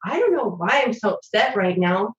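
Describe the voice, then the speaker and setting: A woman's voice: medium pitch, big pitch swings, normal speed, echoey room, dull audio. A woman intimacy coach speaking in an interview, reflective and explaining things step by step, often voicing questions to herself. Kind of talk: conversational interview.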